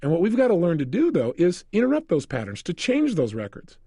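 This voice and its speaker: Male self-help lecturer: quick, animated, high-pitched storyteller; close, dry studio sound. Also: dry recording. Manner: energetic storytelling, asks listeners questions. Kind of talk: recorded motivational lecture.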